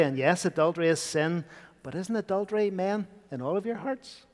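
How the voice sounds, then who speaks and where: A man preaching a sermon in an earnest way, sometimes dropping to a hushed voice for emphasis. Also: fairly high pitch, brisk. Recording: long hall reverb.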